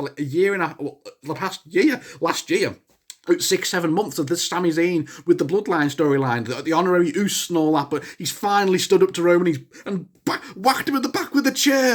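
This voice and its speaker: Excitable young man reviewing wrestling. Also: high-pitched, fairly quick. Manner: excitable, bursts into shouts at big moments; rambling with frequent restarts. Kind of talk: casual spoken review.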